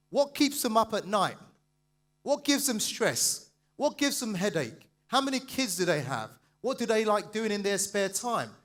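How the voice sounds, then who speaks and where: A man giving a passionate, fast sales seminar and quizzing the audience. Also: high-pitched, fairly bright tone. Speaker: sales trainer speaking at a seminar. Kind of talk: live motivational seminar talk.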